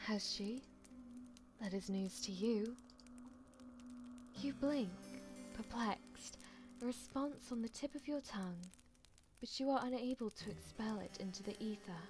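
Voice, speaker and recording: A woman's voice: mid-range voice, unhurried, a little mellow, faint music behind. Playful woman streamer reading a game aloud. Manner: playful, giggly asides to chat. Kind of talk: reading a visual novel aloud on stream, chatting with viewers.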